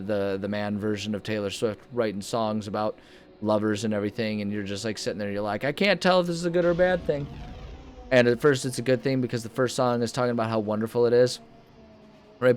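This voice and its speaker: A man's voice: fairly low pitch, darkish tone. A young man giving casual, rambling commentary over a video game he is playing, joking and talking to himself. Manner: rambling, jokey, self-mocking asides. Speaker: gaming video host. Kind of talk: casual let's-play commentary.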